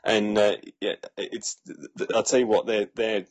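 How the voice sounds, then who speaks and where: Male film reviewer, lowish husky voice, halting casual delivery. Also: steady tone. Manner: hesitant, many fillers and restarts. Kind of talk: casual chat.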